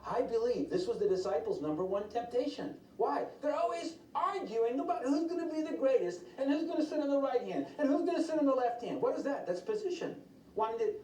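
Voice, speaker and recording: A man's voice: very high-pitched, brisk. A man preaching a sermon from a distance in a roomy, echoing space. He tells stories and acts out the people he quotes, with a faint hiss behind him. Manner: storytelling, quotes others in lively changing voices. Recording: roomy echo, from far off the mic, faint noise.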